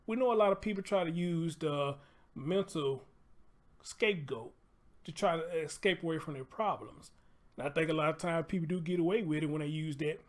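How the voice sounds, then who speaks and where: A man hosting a casual livestream, chatty and loose, swearing freely and repeating phrases as he talks to viewers. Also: a little high. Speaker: livestream host.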